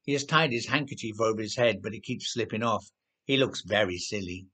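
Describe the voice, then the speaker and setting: A man's voice: fairly low pitch, a little fast, bright, forceful tone, husky. A man voicing an earnest, cheerful young girl adventurer in a storybook reading, chatty in manner.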